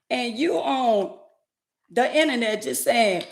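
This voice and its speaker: Indignant woman ranting slowly. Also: fairly high pitch, animated, reverberant. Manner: indignant, emphatic, repeats phrases. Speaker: vlogger. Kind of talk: ranting commentary to camera.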